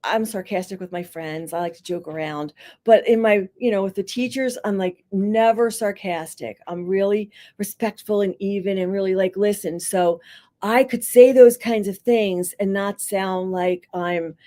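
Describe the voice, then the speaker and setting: As a podcast guest, a middle-aged school psychologist talks through counseling techniques at normal speed in a mid-range voice. Her storytelling is animated, and she acts out the voices in quotes while sharing anecdotes.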